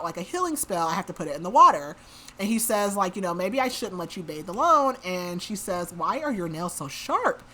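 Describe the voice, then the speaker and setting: Bright-voiced chatty woman podcaster. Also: lowish voice. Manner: chatty, says "like" a lot. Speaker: podcast host. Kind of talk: casual book recap.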